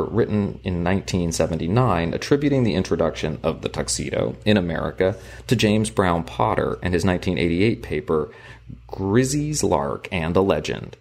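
Male host, low voice, measured read-aloud delivery of a history text. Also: creaky, darkish tone. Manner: measured, deliberate reading. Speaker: podcast co-host. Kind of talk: reading aloud from a local history book.

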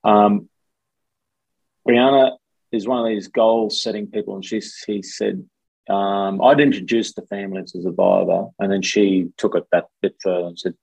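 A man's voice: fairly low pitch, fairly even intonation, normal speed, vocal fry, a little mellow, husky, dry recording, lo-fi sound. A middle-aged Australian man telling long rambling anecdotes as an interview guest. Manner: rambling anecdotes with many fillers. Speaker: guest, former contestant. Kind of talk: casual storytelling interview.

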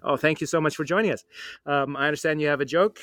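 Brief: male podcast host, friendly, reflective interviewer, a touch high-pitched. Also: fast talker, a bit bright, dry recording. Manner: friendly, thoughtful, with fillers. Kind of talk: casual interview chat.

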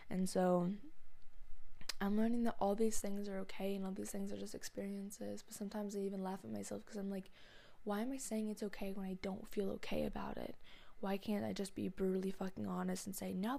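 A young woman podcaster talks in a raw, confessional monologue with a gravelly, creaky edge to her voice. She rambles bluntly and swears freely, and her voice often drops to a soft near-whisper. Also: mid-range voice. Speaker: podcast host.

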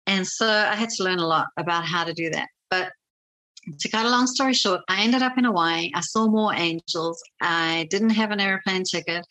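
Bright-voiced woman telling a faith story. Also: lowish voice, poor audio. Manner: animated, laughs often, many fillers. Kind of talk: casual personal storytelling.

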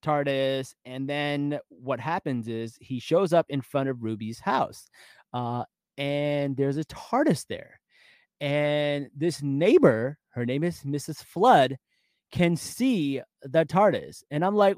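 A man's voice: a little high, animated, takes it slowly, a little mellow, no room sound, studio quality. A man co-hosting a casual fan discussion, recapping scenes and laughing often. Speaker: podcast co-host.

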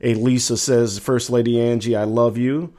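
Reading viewers' chat messages on his casual live talk show, a middle-aged host keeps things loose and chatty, fading quietly at times and perking up to introduce segments. His medium-pitched voice is steady at a normal speed.

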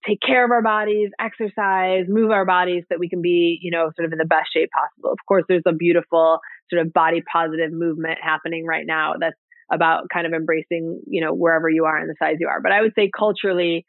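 A woman's voice: on the low side, level tone, quick pace, dry recording. A woman guest telling a personal story in a casual interview, chatty and full of "like" and "you know.". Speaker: podcast guest. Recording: tinny phone-like line, dry.

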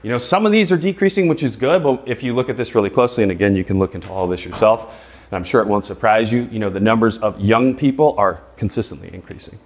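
Emphatic and rhetorical, a man in his thirties gives a live presentation, repeatedly asking "right?" and stumbling over doubled words in excited moments. His voice is lowish and he talks fast.

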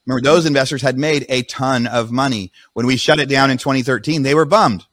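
Fast-talking man telling his story. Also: medium pitch, no room sound. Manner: rapid, animated retelling with restarts. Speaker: podcast guest. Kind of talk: casual storytelling.

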